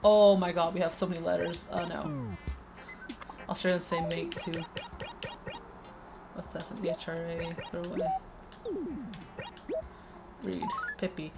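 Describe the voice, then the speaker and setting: A woman's voice: fairly low pitch, level tone, measured pace, long pauses. A woman from Peru with a slight Spanish accent, chatting casually while streaming a game, over-enunciating her consonants. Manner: chatty, rambling, many restarts. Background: faint game music.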